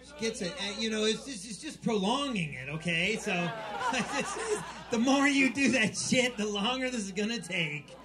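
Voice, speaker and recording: A man's voice: sits high, animated, moderate pace. A man telling crude jokes on stage at a bar, rambling, restarting and bickering with the crowd. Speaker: stand-up comic at a bar show. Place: bar with live band setup.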